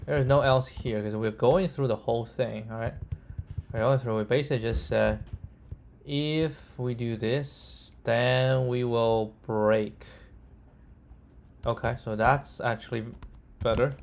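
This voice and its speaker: A man thinking aloud as he codes, halting and correcting himself, often checking in with "right?" and "okay?". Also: mid-range voice, steady tone, creaky. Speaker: coding tutor. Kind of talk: thinking aloud while live coding.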